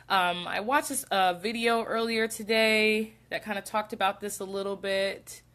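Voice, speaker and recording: A woman's voice: medium pitch, fairly bright tone. A young adult woman hosting a casual livestream for her real estate business, sounding congested and short of breath as she chats and greets viewers. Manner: chatty, greets viewers mid-sentence. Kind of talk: casual live-stream talk.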